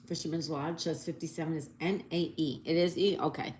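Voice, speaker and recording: A woman's voice: deep voice, steady tone, a little fast, darkish tone. A woman hosting a casual livestream, reading viewers' comments aloud and greeting them cheerfully while working through a crossword. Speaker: livestream host. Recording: echoey room, faint background noise.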